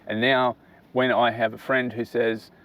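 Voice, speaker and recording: Plain and explanatory, this is a middle-aged man of ordinary pitch talking a younger listener through an idea at an easy pace. He keeps checking in with a quick "right?". A faint hum of a vehicle sits behind him. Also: flat delivery, fairly bright tone. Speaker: father giving business advice. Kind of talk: casual advice talk.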